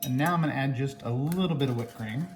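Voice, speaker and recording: A man's voice: mid-range voice, quick pace, roomy sound, background noise. A man hosting a casual home cooking demo, chatty and playful as he talks to viewers. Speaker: cooking channel host. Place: home kitchen.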